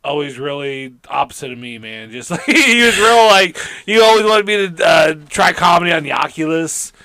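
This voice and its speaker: A man co-hosting a podcast and chatting casually, animated and laughing a lot as he acts out conversations with shop clerks. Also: on the high side, moderate pace, no echo. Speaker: podcast co-host and comedian. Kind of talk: casual chat.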